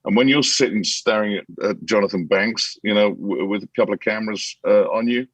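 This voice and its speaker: A man, an actor guest in a casual interview, telling animated anecdotes with many restarts and acting out quotes. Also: on the low side, brisk, no room sound, rough recording.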